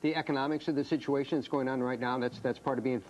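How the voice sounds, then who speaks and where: A man interviewing a guest on a TV news segment, brisk and steering, summing up her points. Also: mid-range voice, fairly even intonation, a little mellow, a little hiss or hum. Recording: dull lo-fi TV audio.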